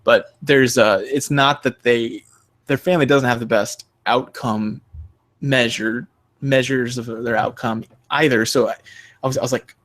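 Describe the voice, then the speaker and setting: A young man co-hosting a casual podcast, telling a story with lots of animation. When he quotes people, his pitch jumps sharply and he acts them out. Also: steady tone, measured pace, fairly bright tone. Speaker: podcast co-host.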